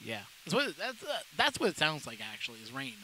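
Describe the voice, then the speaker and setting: Middle-aged host from Canada, slightly high voice, rambling and jokey mic-check chatter on a cheap wireless mic. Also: male voice, wildly swooping pitch, a little fast, bright, forceful tone, slight background noise, low-quality recording. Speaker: maker channel host. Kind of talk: casual mic test livestream. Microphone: cheap wireless microphone.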